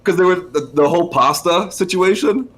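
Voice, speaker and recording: A man's voice: sits high, a little fast, fairly bright tone, a little hiss or hum. Laid-back young man, stock podcast co-host. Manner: laid-back, laughs often, slangy. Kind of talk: casual stock podcast chat.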